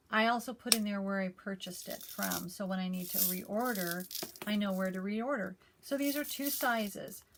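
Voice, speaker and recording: A woman chatting casually to camera as a cross stitch vlogger, rambling and emotional. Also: medium pitch.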